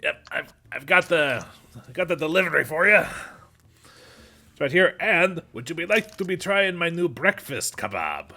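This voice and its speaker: A man's voice: on the high side, very animated, moderate pace, pushed and bright, heavily acted. A man voicing a hesitant male street-food vendor who stumbles over his words. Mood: flustered.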